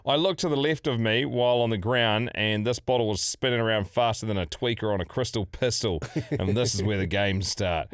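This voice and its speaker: A man's voice: fairly low pitch, fairly quick, few pauses, clean tone, no room sound, studio quality. A middle-aged man with a New Zealand accent, co-hosting a podcast and reading out a listener's story in a laid-back, sweary way. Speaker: podcast co-host.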